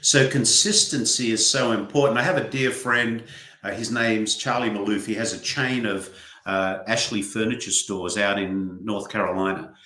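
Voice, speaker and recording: A man's voice: fairly low pitch, steady tone, moderate pace, bright, forceful tone. An older man with an Australian accent, a guest author speaking earnestly in a livestream interview. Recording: roomy echo.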